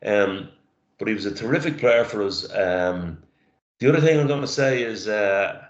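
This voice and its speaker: A middle-aged man co-hosting a casual chat, reflective and halting, his voice catching with emotion. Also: lowish voice, animated. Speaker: podcast co-host. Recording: roomy lo-fi sound.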